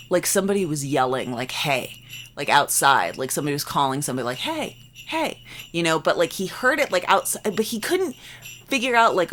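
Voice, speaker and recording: A woman's voice: on the low side, a little hiss or hum. A woman in her late twenties, a podcast co-host, telling a ghost story in casual chat, acting out quotes and filling with "like". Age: late 20s. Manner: animated, acts out quotes, many "like" fillers.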